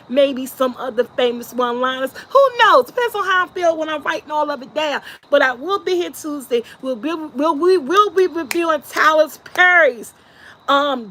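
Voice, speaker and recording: A woman hosting a casual live stream, lively and laughing often as she talks to her chat. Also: high-pitched. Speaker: vlog host.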